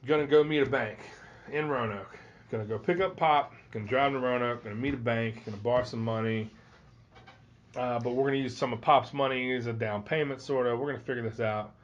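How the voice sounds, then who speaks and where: Profane, animated man telling a story. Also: medium pitch, a little fast. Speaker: podcast host. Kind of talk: casual storytelling chat. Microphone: phone. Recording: dull lo-fi phone recording.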